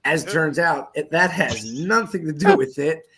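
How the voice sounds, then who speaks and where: A man's voice: fairly high pitch, animated, moderate pace, bright, forceful tone, slight background noise. A man in his forties, co-hosting a podcast, tells rambling stories in casual chat, swearing often and laughing as he talks. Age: 40s. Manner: profane, laughing, rambling storytelling. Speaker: podcast co-host.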